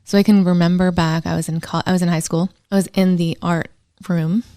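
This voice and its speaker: A woman talking as a podcast guest in a casual conversation, telling animated stories and acting out the voices of the people in them. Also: fairly low pitch, a little fast, clean tone, no room sound, studio quality. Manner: animated storytelling, acts out quoted voices.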